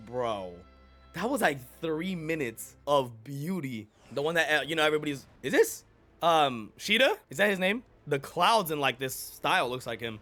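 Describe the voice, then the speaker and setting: A man reacting to an anime episode with hyped, slangy commentary that often breaks into shouts. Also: fairly high pitch, very animated, moderate pace, faint music behind.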